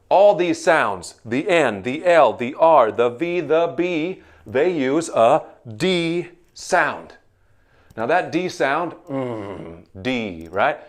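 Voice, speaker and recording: A man's voice: fairly high pitch, expressive. A man teaching English pronunciation like a drill sergeant, barking commands and drilling words one at a time. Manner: barked commands, slow drilled word lists.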